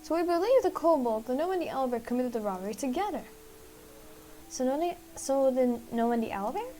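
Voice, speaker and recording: A woman's voice: sits high, lively intonation, fairly quick, dark tone, soft background music, low-quality recording. A woman streamer reading a text game aloud and thinking through its puzzles in a hesitant, musing way.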